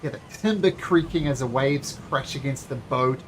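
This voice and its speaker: Game-master narrator, mid-pitched man, hesitant fillers. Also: slight background noise. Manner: descriptive, halting with fillers and restarts.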